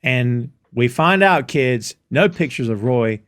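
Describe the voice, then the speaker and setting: A man hosting a casual podcast, retelling scenes in an animated way. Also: medium pitch, slow pace, no echo, studio quality. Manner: animated storyteller recounting scenes. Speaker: podcast host. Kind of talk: casual recap chat.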